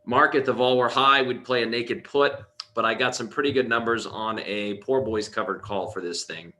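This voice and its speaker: A man's voice: mid-range voice, normal speed, bright, forceful tone. A man, a trading coach, confidently walking through a trade step by step. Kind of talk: casual trading chat.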